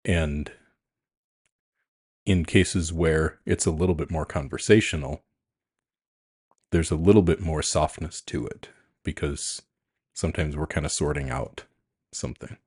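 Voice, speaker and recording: A man co-hosting a podcast as a coach, talking calmly and frankly and thinking aloud with frequent restarts. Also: very deep voice, a little slow, pauses often, breathy edge, no room sound, studio quality. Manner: calm, frank and reflective, restarts often. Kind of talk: casual chat.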